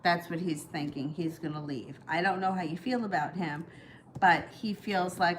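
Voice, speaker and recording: A woman's voice: lowish voice, moderate pace, slight background noise, poor audio. A woman giving live-streamed tarot readings, talking in a chatty, reassuring way with plenty of ums and you-knows. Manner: chatty, reassuring advice with many fillers. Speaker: tarot reader.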